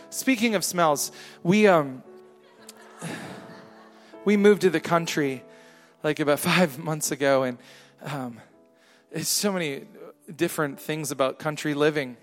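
A man, a pastor, preaching a sermon with call and response to a congregation, swinging between loud shouting and quiet murmuring. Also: sits high. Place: church hall with a congregation. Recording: live hall with long reverb and soft music.

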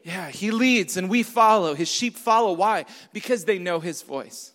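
A pastor preaching a sermon, emphatic and repetitive, asking the congregation questions. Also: male voice, sits high, lively intonation, normal speed, fairly bright tone. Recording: long hall reverb.

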